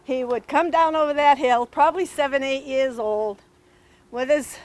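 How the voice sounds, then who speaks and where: A woman giving gentle, thankful remarks at an outdoor dedication ceremony. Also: high voice, moderate pace. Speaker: family member giving remarks. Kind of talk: prepared speech.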